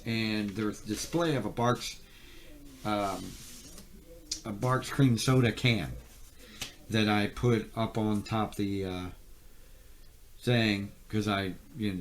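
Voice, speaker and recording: Rambling middle-aged man, fairly low voice. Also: a little hiss or hum. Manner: rambling, many fillers and self-corrections. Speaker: record collector reviewing albums. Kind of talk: casual vlog chat. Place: home office. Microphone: mic on a stand near the camera.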